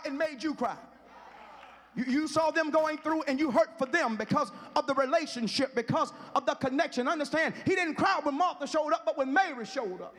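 A man a sermon in a church, building from quiet storytelling into a chanted whoop punctuated by huffed breaths. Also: very high-pitched. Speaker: preacher. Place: church sanctuary. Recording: music behind, long hall reverb.

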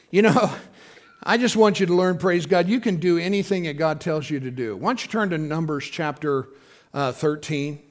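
A man preaching a sermon as pastor, talking casually to his congregation, acting out quoted voices, with sudden loud bursts. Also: sits high.

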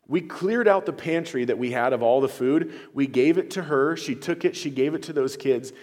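A man's voice: mid-range voice, normal speed, darkish tone. A man preaching as pastor to his church, earnest and conversational, sharing announcements with enthusiasm. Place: church sanctuary. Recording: long hall reverb.

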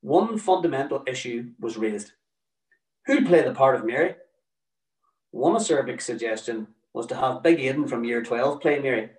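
A man tells a personal story in a dry, wry manner. His voice sits at a middle pitch and sounds a little distant from the microphone. There is a roomy echo around him. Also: expressive, moderate pace. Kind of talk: told personal story, read aloud.

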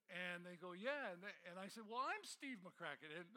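A middle-aged man preaching, his voice fairly high and bright. He tells stories with lively energy, acting out the voices of the people in them and laughing at his own misadventures. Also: slow, long pauses. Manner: animated storyteller, acts out voices, laughs at himself. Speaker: pastor. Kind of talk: sermon with personal storytelling.

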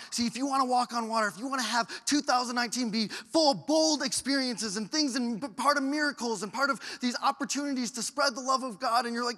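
A pastor preaches a sermon in a very high-pitched, fairly quick voice, acting out quoted voices and swinging between loud bursts and hushed lines. Hall reverb fills the recording.

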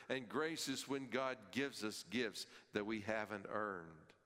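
A man preaching a sermon as pastor, emphatic, repeating key phrases and rising in pitch and force as he drives a point home. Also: takes it slowly, hardly any pauses, bright, forceful tone, big-room sound.

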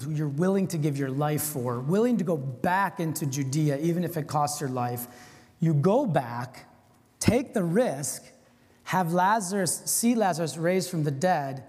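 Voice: mid-range voice, darkish tone, slightly rough. A preacher giving an informal, earnest sermon, with frequent casual asides. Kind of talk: conversational sermon. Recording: long hall reverb.

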